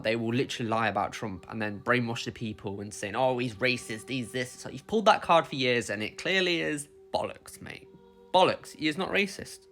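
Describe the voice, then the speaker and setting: A man's voice: medium pitch, fairly bright tone. A man from the UK with a British accent, ranting bluntly to camera in a casual vlog, swearing and calling the viewer "mate.". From United Kingdom. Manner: blunt and profane, says "mate" constantly. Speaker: vlogger. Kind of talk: casual opinion rant to camera.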